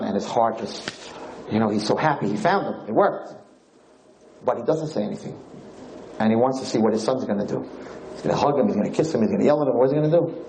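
A man lecturing on Torah, telling a parable in an animated, repetitive storytelling manner. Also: medium pitch, reverberant, slight background noise, poor audio. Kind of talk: sermon storytelling.

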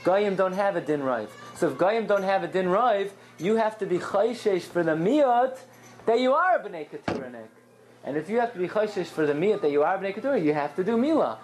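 A woman teaching a lively Talmudic lesson, acting out quoted voices and asking and answering her own questions. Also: mid-range voice, a little fast. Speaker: Torah teacher.

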